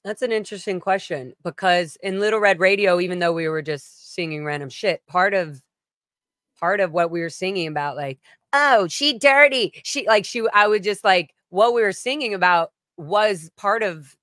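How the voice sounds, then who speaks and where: A woman singer chats over a video call in a loose, rambling way, often starting sentences over and swearing freely. Her voice sits a little low and sounds dry and close, with no room echo. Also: moderate pace, fairly bright tone. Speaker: singer and interview guest. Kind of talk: casual interview chat.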